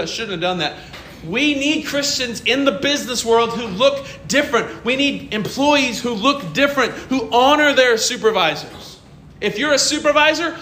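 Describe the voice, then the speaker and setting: A man's voice: sits high, pushed and bright, roomy sound, slight background noise. A man preaching a sermon as pastor, telling stories from his working life, acting out dialogue and laughing often.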